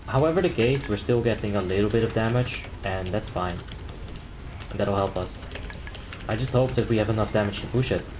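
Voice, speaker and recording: A man's voice: medium pitch, noisy background. Laid-back young man streaming a raid. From Netherlands. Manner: laid-back, joking, reads chat aloud and laughs often. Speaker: game streamer. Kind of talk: casual live-stream chat and raid calling.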